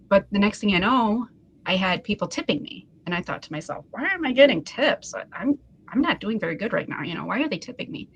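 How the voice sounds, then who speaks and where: A woman's voice: mid-range voice, fairly bright tone, breathy edge. A woman guest on a reseller podcast, telling a heartfelt story in an earnest, emotional way. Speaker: podcast guest, live seller. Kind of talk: casual chat.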